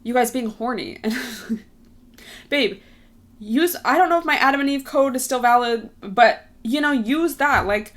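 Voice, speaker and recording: A woman's voice: on the high side, unhurried. A young woman in her twenties, hosting her own podcast, talking casually, laughing often and saying "like" a lot. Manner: chatty, lots of "like", laughs often. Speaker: podcast host. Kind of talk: casual solo chat.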